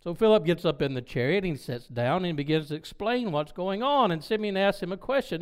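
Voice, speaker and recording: Man, preacher, sermon storytelling, higher voice, clear resonant tone. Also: animated, a little fast, hardly any pauses. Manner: retells a scripture story with voiced dialogue, chuckling asides.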